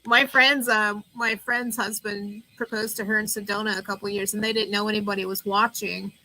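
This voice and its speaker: A woman's voice: medium pitch, level tone, a little fast, pushed and bright, poor audio. A woman co-hosting a casual chat from a warehouse, eager and encouraging, laughing often. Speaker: co-host.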